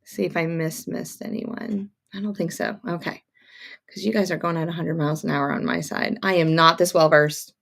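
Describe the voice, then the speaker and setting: A woman's voice: low-pitched, steady tone, moderate pace, creaky, fairly bright tone. Chatty woman hosting a sewing livestream. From upstate New York, near Montreal. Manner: chatty, greets viewers by name, rambling asides. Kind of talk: casual live-stream chat.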